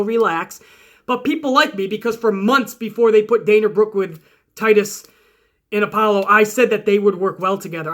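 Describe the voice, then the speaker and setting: A fired-up man walks through his wrestling booking ideas, cursing constantly and rambling from one thought to the next. His voice sits high and sounds bright and edgy, with the pull of an eager storyteller. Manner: profane, rambling, heavy swearing; enthusiastic, animated storyteller. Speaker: wrestling fantasy-booking vlogger. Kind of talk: casual excited monologue.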